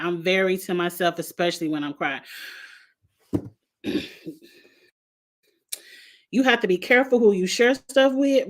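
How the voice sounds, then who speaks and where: A woman's voice: mid-range voice, fairly bright tone. A woman hosting a casual livestream, talking bluntly about a reality show, laughing often and greeting viewers by name. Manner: greets chat viewers by name between remarks. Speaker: show reviewer and livestream host.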